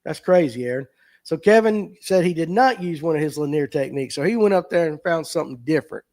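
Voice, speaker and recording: A man's voice: fairly high pitch, animated, quick pace, darkish tone. A middle-aged man, hosting a live fishing talk show and chatting casually as he reads out viewer comments and jokes about them. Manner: folksy, joking, reads comments aloud and riffs on them. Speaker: host of a fishing talk stream.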